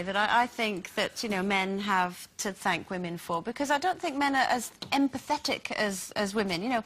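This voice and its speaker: Bright lively woman presenting a chat show. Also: on the high side. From Britain. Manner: chatty, laughing, teasing. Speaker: panel presenter. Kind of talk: daytime TV panel chat. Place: TV studio.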